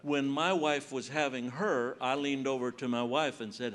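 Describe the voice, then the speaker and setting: Older guy doing christian stand-up, bright punchy voice, acts out all the voices, stage mic, faint hum behind. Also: mid-range voice, fairly even intonation, normal speed. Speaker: Christian comedian. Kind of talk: stand-up storytelling. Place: large conference stage.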